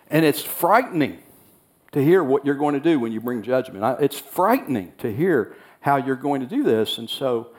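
A man's voice: a little high, lively intonation, moderate pace. A man preaching a sermon, earnest and repeating key phrases as he voices the prophet's words. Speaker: pastor.

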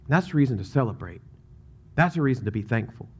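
A man's voice: mid-range voice, expressive, fast, husky. A man, a pastor, preaching a sermon in a conversational way, with joking asides and emphatic scripture readings.

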